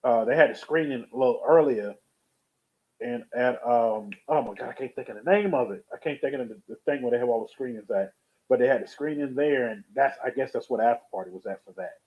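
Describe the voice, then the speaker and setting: A mid-range male voice, a little fast, chats casually during a live stream, spinning a rambling tale and greeting viewers from the chat. The sound, picked up by a webcam or USB streaming setup, is tinny like a phone.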